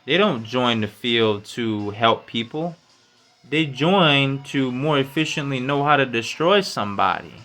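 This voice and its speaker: A man hosting his own podcast, rambling in loose, profane slang and dropping "you know, man" all over. His voice is bright and forceful, and he climbs loud and high when he gets fired up. Faint music plays underneath. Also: lively intonation, a little slow. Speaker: podcast host. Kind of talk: casual solo podcast rant.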